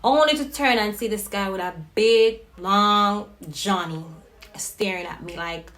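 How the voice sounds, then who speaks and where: A woman vlogger telling a personal story in a casual, animated and profane way. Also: medium pitch, a little slow. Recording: roomy with faint noise.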